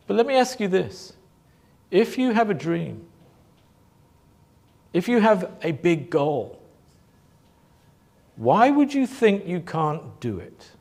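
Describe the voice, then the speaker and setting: A man giving a motivational talk to a live audience, asking rhetorical questions and pausing for emphasis. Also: fairly high pitch. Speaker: motivational speaker.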